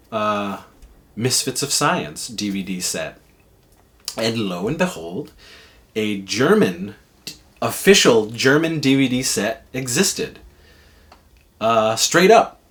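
Man rambling through a casual story. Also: medium pitch. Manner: rambling, swears, lots of fillers.

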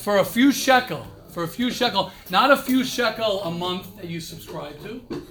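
A man's voice: high voice, animated, moderate pace, crowd noise. A man giving an informal, emphatic talk to yeshiva students, repeating phrases and mixing in Hebrew and Yiddish words.

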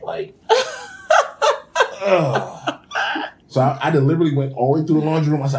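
A man's voice: on the high side, a little fast, pauses often. A man telling funny stories as a podcast guest in casual, laughing chat. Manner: animated, laughing storyteller with slang.

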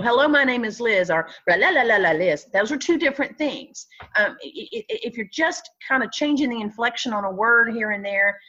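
A frank woman running a talent agency talks it through, restarting her sentences as she goes. Her voice sits in a middle pitch and comes through a slightly dull, lo-fi line. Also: pushed and bright. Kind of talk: conversational interview.

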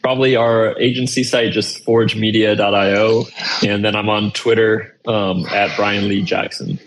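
A laid-back male guest on a podcast panel. He speaks low and in a flat, even tone. A faint hiss sits behind his voice. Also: normal speed.

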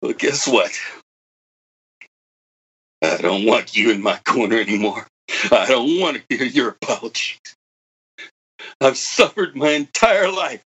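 A man's voice: medium pitch, fairly bright tone, husky. An actor playing a bitter old man who was once a computer prodigy, delivering a dramatic monologue that swings from wry to anguished. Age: older.

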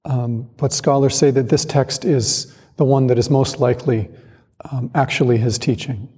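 A man giving a calm, reflective dharma talk as a Zen monastic teacher, speaking in a measured way with pauses. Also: medium pitch, slightly rough. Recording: long hall reverb.

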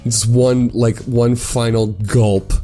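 A man playing a tabletop game, describing his character's moves in a laid-back, drawn-out, giggly way. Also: mid-range voice, steady tone, mellow, faint music behind. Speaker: player. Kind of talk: tabletop role-play.

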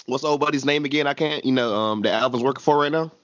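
A man's voice: mid-range voice, fast talker, fairly bright tone, no echo, muffled recording. A man in his twenties co-hosting a podcast, chatting casually and animatedly about a TV episode, full of slang and laughter. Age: 20s. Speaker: podcast co-host. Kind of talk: casual chat recapping a TV episode.

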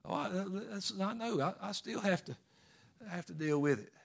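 A man's voice: high-pitched, lively intonation, normal speed, vocal fry. Pastor, middle-aged man, folksy sermon storytelling with surging emphasis.

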